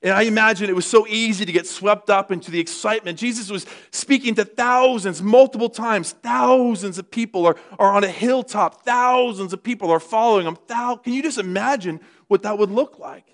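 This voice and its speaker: A middle-aged man preaching a sermon as pastor, telling stories in an animated way. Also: high-pitched, fairly quick, hardly any pauses. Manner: animated storytelling, rises excitedly.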